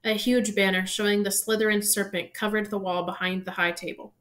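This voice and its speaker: A woman reading a novel aloud in steady storytelling narration. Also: medium pitch, brisk. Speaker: reader.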